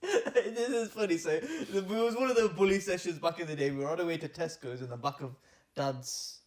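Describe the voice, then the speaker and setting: A man in his twenties co-hosting a casual podcast with his sister, telling stories in an animated way, swearing and laughing often. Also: high voice, normal speed. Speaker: podcast co-host. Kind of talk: casual sibling chat.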